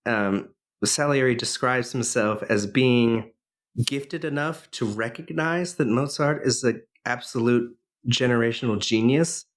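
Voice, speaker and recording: A man co-hosting a podcast, casually retelling a film's plot with lots of fillers and restarts. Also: mid-range voice. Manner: rambling, many fillers and restarts. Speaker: podcast co-host.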